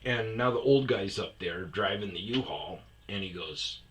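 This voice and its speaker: A man telling a rambling, profane story in a casual way, breaking into loud shouts when he acts out scenes. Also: on the low side, animated, normal speed, a little hiss or hum. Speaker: storyteller host. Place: lives on a self-storage property in Arizona.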